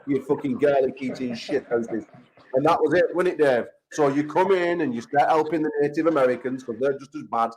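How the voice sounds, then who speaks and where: A man's voice: medium pitch, fairly quick, a little mellow, a little hiss or hum, low-quality recording. An English man hosting a call-in chat show, talking in brash, profane trash-talk banter. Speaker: host.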